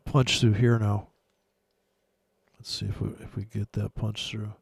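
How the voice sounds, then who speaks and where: A man's voice: lowish voice, level tone, a little slow, gravelly, breathy edge, no room sound. A man giving crude, sarcastic commentary while trading live charts. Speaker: forex trader.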